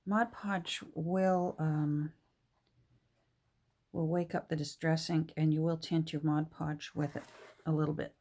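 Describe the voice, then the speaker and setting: A woman talking casually through a crafting tutorial at her desk, soft-spoken and hesitant, with many fillers and restarts. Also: deep voice, little pitch movement, measured pace. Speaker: junk journal crafter. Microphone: camera on the desk.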